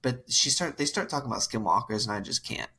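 A woman with a very low, husky voice tells a story on a casual podcast. She is wry and amused and drifts into drawn-out asides, speaking in an easy, chatty way. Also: expressive, pushed and bright. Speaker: podcast co-host. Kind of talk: casual chat, telling a family story.

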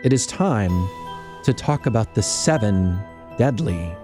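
A man putting on a creepy, slow, ominous announcer voice. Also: expressive, over music. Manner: slow, low, drawn-out delivery.

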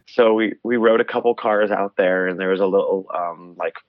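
A man casually recounting a teenage memory in a halting way, with plenty of fillers. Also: low-pitched, steady tone, dry recording. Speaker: interviewee recounting a story. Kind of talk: recorded storytelling interview. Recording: dull lo-fi audio.

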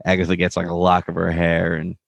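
Deep-voiced man recapping a show. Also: completely flat delivery, a little fast, vocal fry, no echo. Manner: chatty retelling, acts out quoted lines. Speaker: podcast co-host. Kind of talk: casual chat recapping a TV episode.

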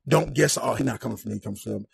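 A young man with a gravelly, raspy voice recounts a personal story in a relaxed podcast conversation. He keeps it animated, slipping into the voices of the people he describes. The sound is close and dry. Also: on the low side, very fast, dry recording. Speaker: podcast guest. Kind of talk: casual storytelling.

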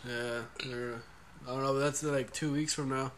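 A man's voice: medium pitch, fairly even intonation, normal speed. Man, casual podcast banter, swearing, restarts, faint noise. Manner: laid-back, swears, trails off and restarts. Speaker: podcast co-host. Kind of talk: casual chat.

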